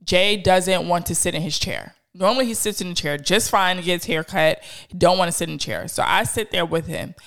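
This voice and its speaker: Animated woman podcast host. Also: on the low side, a little fast. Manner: animated storyteller, slangy, laughs. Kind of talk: casual chat.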